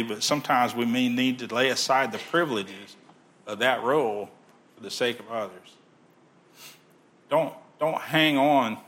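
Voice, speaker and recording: A male pastor with a bright, forward voice delivers a sermon in an easy, conversational way. He talks straight to the congregation and sometimes drops his voice almost to a whisper. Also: mid-range voice. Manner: conversational preaching, drops to near-whisper at times.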